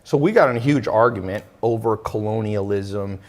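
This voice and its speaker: A man hosting an interview, telling a story in a casual, animated way. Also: lowish voice, moderate pace. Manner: animated, acts out quoted voices. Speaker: interview host. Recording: long hall reverb.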